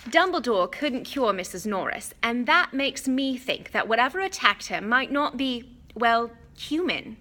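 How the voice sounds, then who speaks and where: A woman doing a bright, earnest schoolgirl. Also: on the high side, sing-song, unhurried, hardly any pauses, voice pushed up, full character voice. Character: clever, earnest schoolgirl, about twelve. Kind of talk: audiobook reading.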